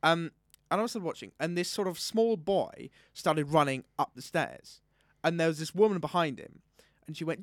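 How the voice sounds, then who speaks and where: Animated young man telling stories. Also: on the high side, moderate pace, no room sound, clean studio sound. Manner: animated storyteller, loud comic impressions. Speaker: podcast co-host. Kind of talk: casual chat. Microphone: studio microphone.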